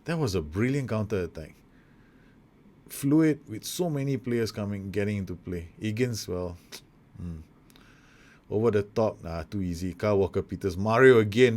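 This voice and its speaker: A young man with a slightly low voice talks through a football management game in casual let's-play commentary. He calls the action play-by-play, gets excited at goals and trips over his words with quick corrections and asides.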